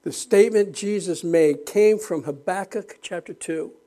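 Older man, pastor, sermon, very high voice, fervent, rambling restarts. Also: measured pace. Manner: fervent, rising to shouts of praise; rambling with restarts and self-deprecating laughs.

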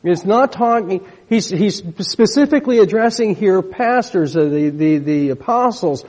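A man preaches a sermon in a fairly high, mellow and slightly husky voice. He talks conversationally, often restarting his sentences and calling on the congregation to repeat after him. The recording is dull and lo-fi, with a long reverb from the church hall.

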